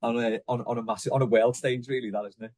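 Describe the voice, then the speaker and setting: A man hosting a podcast, chatting briskly and agreeably with his guest. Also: mid-range voice, fairly even intonation, darkish tone. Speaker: podcast host. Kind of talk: casual chat.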